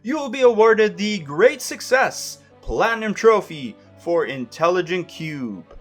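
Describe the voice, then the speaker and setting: Young male host, high-ish voice, wry scripted guide narration. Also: very animated, unhurried. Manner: wry, self-deprecating asides. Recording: voice-over over faint music.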